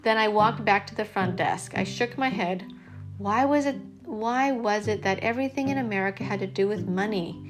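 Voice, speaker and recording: A woman reading a novel aloud in the first person, with expressive, lively narration. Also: medium pitch, normal speed, music in the background. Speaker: audiobook reader.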